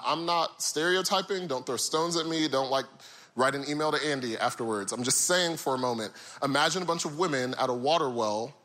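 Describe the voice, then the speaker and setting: Animated young male preacher, bright voice. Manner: animated storytelling, voicing characters with big pitch swings. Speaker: pastor. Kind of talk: sermon.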